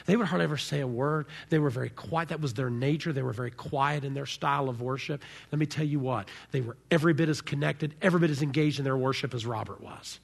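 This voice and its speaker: A man preaching a sermon as pastor, animated, swinging from soft to loud. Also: medium pitch, fast, creaky, hardly any pauses.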